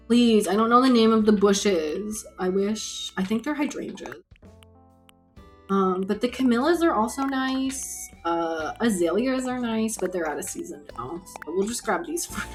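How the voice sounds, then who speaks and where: A woman hosting a live stream, chatting casually and rambly while she plays, reading viewers' names and getting excited. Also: a little high. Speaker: livestream host.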